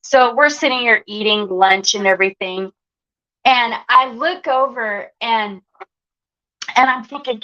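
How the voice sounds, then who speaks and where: Animated woman storyteller, higher pitch; dull lo-fi sound. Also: measured pace. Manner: animated, acts out quoted voices. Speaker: guest. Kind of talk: telling a personal story.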